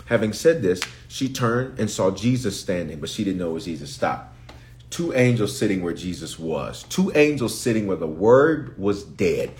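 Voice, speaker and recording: Emphatic low-voiced preaching man. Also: expressive, normal speed, darkish tone. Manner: emphatic, repetitive, builds in intensity; pleads with listeners to pay attention. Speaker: bishop. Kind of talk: impromptu live-stream Bible teaching.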